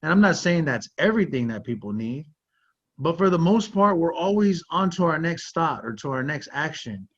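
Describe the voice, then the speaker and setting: Through slightly muffled audio, a man hosting a talk show shares a personal anecdote in an earnest, conversational manner, saying "like" and "you know" a lot. He talks at a normal pace in a fairly bright, higher-pitched voice with big swings in pitch.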